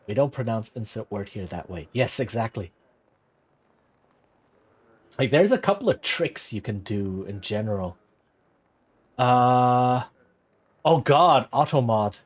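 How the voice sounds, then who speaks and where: A man's voice: lowish voice, lively intonation, unhurried, pauses often. A rambling streamer man chatting casually. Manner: rambling, self-interrupting, laughs easily. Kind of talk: casual chat with live chat.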